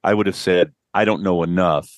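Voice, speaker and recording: A man's voice: sits low, fairly even intonation, brisk, dry recording, clean studio sound. A man, a business coach, telling stories of clients on a podcast and acting out their quotes. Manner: storytelling, acts out quotes with a rising voice. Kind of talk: podcast interview.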